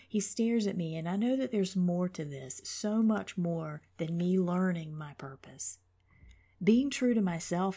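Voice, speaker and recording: Woman author reading her memoir, husky and dark, reflective and hushed. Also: fairly low pitch. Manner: reflective, often dropping to a whisper.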